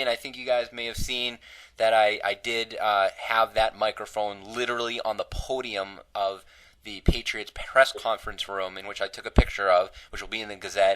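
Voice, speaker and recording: A man's voice: on the low side, pushed and bright, poor audio. A man hosting a casual podcast, telling a rambling self-deprecating story. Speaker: podcast host.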